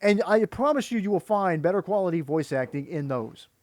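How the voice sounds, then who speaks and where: Male voice actor turned commentator; high, dry, exasperated and critical, rambles. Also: expressive, a little fast, a little mellow, no room sound. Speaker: YouTuber and voice actor. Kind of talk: commentary video rant.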